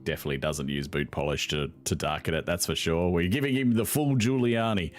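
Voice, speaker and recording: A man's voice: sits low, a little fast, soft background music. A young man commentating on a video game in a casual, sarcastic way, swearing freely and laughing often. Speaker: gaming video host.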